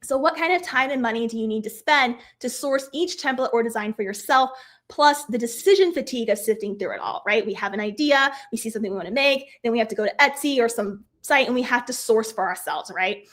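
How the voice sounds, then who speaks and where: Upbeat chatty woman, slightly high. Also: a little fast. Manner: chatty, upbeat, self-deprecating. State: slightly hoarse, losing her voice. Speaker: craft workshop host. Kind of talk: live craft tutorial.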